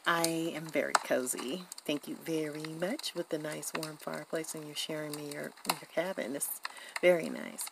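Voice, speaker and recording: A woman voicing a chatty young woman in a doll-play story, talking in an animated, indignant and giggly way. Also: low-pitched, moderate pace, vocal fry, very noisy. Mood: playful.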